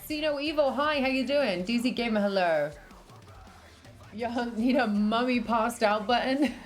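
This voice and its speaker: Giggly British woman streamer, high voice. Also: a little slow, soft background music. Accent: British, partly American after years in the US. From Britain. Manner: chatty and giggly, swears freely, coos at her dog. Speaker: livestreamer. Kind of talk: casual livestream chat, reading out chat.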